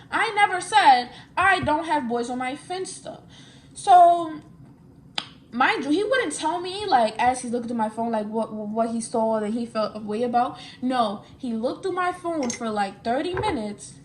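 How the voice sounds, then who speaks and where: High-voiced New woman telling a story. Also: a little hiss or hum. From New York. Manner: animated, slangy, repeats phrases for emphasis. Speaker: vlogger. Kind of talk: casual storytime chat. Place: at home, getting ready.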